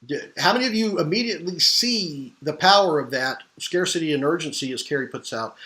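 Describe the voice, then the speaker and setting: A man's voice: on the high side, lively intonation, a little fast, few pauses, pushed and bright. A middle-aged man running a live online marketing class, firing questions at his audience with emphatic, restless phrasing. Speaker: marketing trainer.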